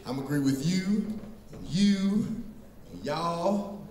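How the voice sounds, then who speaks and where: A man from Middletown, Ohio doing open-mic stand-up in a small bar, telling profane, animated stories with shouted asides to the crowd, recorded on a phone set down near the stage. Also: fairly high pitch, takes it slowly. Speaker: stand-up comedian. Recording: roomy bar recorded from far off, faint noise.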